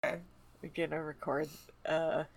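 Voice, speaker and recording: A woman's voice: low-pitched, slow pace, background noise. A young woman co-hosting a podcast in casual chat, laughing often. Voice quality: laughs often, lively intonation. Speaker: podcast co-host.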